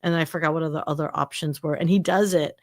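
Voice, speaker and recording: A woman around forty chatting casually on a livestream, animated and full of fillers. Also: low-pitched, fast talker.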